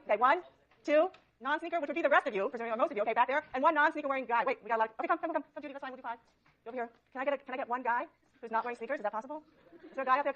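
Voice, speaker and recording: A woman's voice: high voice, fairly bright tone. A woman psychology lecturer teaching a university class, coaxing students with frequent okays. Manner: brisk, coaxing, many okays. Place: large lecture hall. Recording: dull lo-fi lecture recording.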